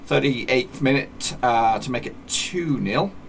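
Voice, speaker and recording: Male gaming host, mid pitch, gravelly, loose self-correcting play-by-play, faint hiss on the recording. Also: animated, slow pace. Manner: rambling, self-correcting chatter with mock match commentary. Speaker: gaming YouTuber. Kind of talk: casual game commentary.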